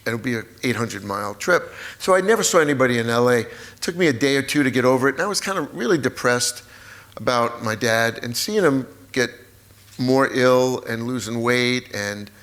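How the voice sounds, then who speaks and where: A man in his sixties, a guest author in a live stage conversation, telling family stories with lively acted-out moments. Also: medium pitch, brisk. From United States. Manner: animated storyteller, acts out family scenes. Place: auditorium stage before an audience.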